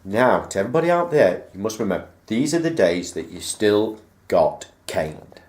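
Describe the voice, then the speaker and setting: A man tells a rambling story from his past in a fairly low voice that swings widely in pitch. He acts out the remembered conversations as he goes. The sound is roomy, with a noticeable echo. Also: sing-song, normal speed, darkish tone. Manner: rambling anecdote, acting out remembered dialogue. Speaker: vlogger. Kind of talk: casual personal storytelling.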